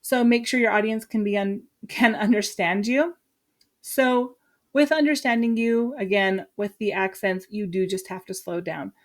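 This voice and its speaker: A woman's voice: mid-range voice, normal speed. A woman in her thirties, a drama teacher, chatting through her lesson plans from home, often stopping herself and laughing at her own slips. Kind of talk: walkthrough of a teaching unit.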